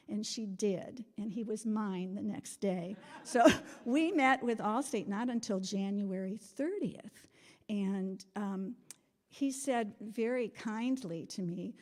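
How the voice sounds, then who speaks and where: A woman's voice: a little high, unhurried. A middle-aged woman giving an earnest, meandering personal testimony to a congregation in a spiritual center, laughing often.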